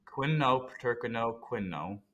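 A man's voice: mid-range voice, animated, moderate pace, a bit bright. A man co-hosting a casual sports podcast, rambling and talking himself through trivia answers. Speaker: podcast co-host.

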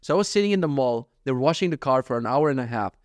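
A young man hosts a casual solo podcast, rambling through jokey, profane stories in a medium-pitched voice. He's animated and talks rapid-fire. The studio sound is clean, with no room sound.

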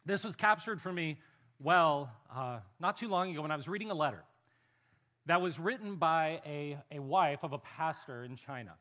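A male pastor delivering a conversational sermon to his church. His voice sits a little high, and he talks in a relaxed, self-deprecating way, slowing down and going soft when he reads aloud.

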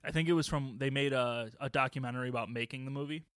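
A man's voice: mid-range voice, fairly even intonation, fast, a bit bright, no room sound. Laughing, rambling man chatting about movies. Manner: rambling, chuckling, many restarts and fillers. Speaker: podcast co-host. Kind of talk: casual movie podcast chat.

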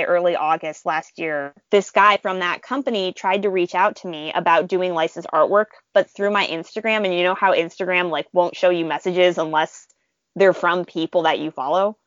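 Woman guest, fan artist, lively storyteller, muffled close mic. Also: fairly low pitch, no room sound. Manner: animated, chatty, frequent laughs and fillers. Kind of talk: casual storytelling interview.

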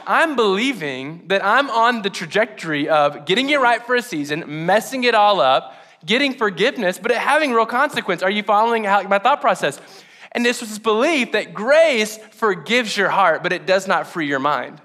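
A man's voice: sits high, lively intonation, a little fast, bright, forceful tone. A young male pastor giving a candid, conversational sermon that builds to impassioned emphasis. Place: church auditorium.

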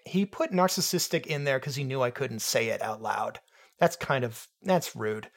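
Male comic reviewer, deadpan sarcasm, rambling asides, mid-pitch voice. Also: fairly quick. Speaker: film reviewer. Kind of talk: comedic review monologue.

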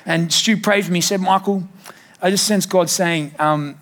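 Male pastor, high voice, emphatic sermon delivery with humor. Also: fast. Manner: animated, emphatic preaching with rising bursts; jokey asides.

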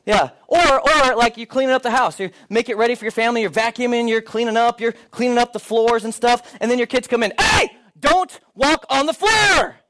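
A man's voice: fast talker, hardly any pauses. A middle-aged male pastor preaching a sermon, telling stories and acting out the dialogue in them. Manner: animated storyteller, acts out dialogue with rising pitch. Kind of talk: sermon with storytelling.

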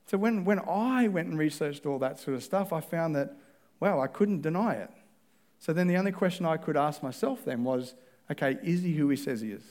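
A man's voice: on the high side, a little mellow. A man preaching a sermon in a conversational way, acting out both sides of the dialogues he describes.

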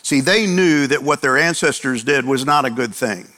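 A man's voice: mid-range voice, moderate pace, pushed and bright. Man preaching in a reverberant hall. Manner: emphatic repetition and rhetorical questions. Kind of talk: sermon.

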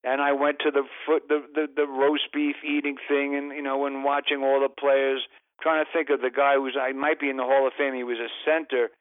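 A man's voice: mid-range voice, little pitch movement, fairly quick, no echo, phone-quality sound. A man telling long comic anecdotes as a podcast guest, rambling and interrupting himself. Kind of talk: casual storytelling.

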